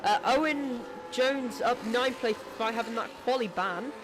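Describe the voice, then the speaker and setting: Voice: mid-range voice, noisy background. Chatty esports race commentator, voice giving out. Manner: chatty, self-deprecating, quick to apologise. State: losing voice.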